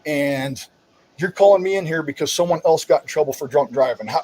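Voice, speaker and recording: Husky-voiced profane man telling army stories. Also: a little high, a little fast, rough recording. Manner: swears constantly, animated, mimics officers loudly. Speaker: podcast co-host, army combat veteran. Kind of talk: casual profane storytelling.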